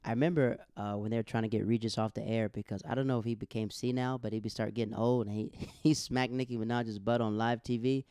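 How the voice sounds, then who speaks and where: A young man rambling through a casual monologue, acting out the people in his stories. His voice is smooth and resonant, recorded close and dry with no room sound. He talks in loose runs with restarts. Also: lowish voice, fast talker, few pauses, no echo. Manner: rambling, animated storytelling with quoted voices.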